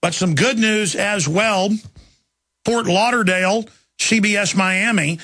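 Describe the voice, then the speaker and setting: A man hosting a talk radio show, ranting fast and fervently about the news. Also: high-pitched, sharp tone, no echo, clean studio sound. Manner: fervent, mocks opponents in put-on voices.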